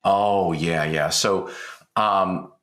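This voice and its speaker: A man's voice: low voice, very slow. Earnest older man in a roomy space. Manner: earnest, storytelling, voice lifting when excited. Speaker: podcast co-host. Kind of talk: conversational podcast talk. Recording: roomy echo.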